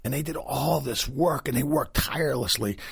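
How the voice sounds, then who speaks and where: A man from Philadelphia, a comedian guest telling rambling, animated stories in casual podcast chat. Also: medium pitch, moderate pace, gravelly, breathy edge, no room sound, clean studio sound.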